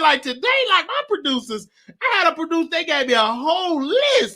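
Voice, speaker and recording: A man hosting a talk show, giving animated, emotional commentary on celebrity news with drawn-out phrasing and laughter. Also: very high-pitched.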